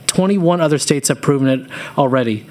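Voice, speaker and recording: A man's voice: mid-range voice, brisk, darkish tone. A man in his thirties from Louisiana, giving earnest public testimony to a committee as a business owner, telling his story with informal asides.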